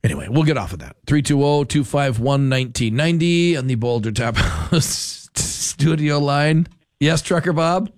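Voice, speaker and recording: A man's voice: on the high side, animated, normal speed, no room sound. A male radio talk show host chatting casually on air, rambling and interrupting himself as he argues his opinions. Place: radio studio. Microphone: studio microphone.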